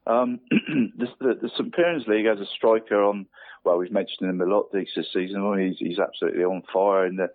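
A man's voice: on the low side, a little fast. A man giving a football league round-up on a radio show, hesitant and repeating words, calling the host "mate" all the time. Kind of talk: radio sports round-up over the phone. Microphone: phone line. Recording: tinny phone line.

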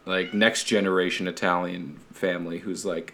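A man's voice: lowish voice, animated, moderate pace, slight background noise. A Canadian man co-hosting a casual chat, rambling, swearing and laughing as he recommends a show. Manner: rambling, swearing, laughs often, tries silly accents. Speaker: podcast co-host.

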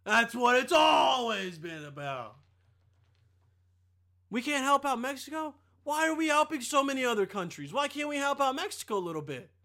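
High, bright-voiced young man ranting. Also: animated, normal speed, creaky. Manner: profane, rambling, easily sidetracked. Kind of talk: casual ranting monologue.

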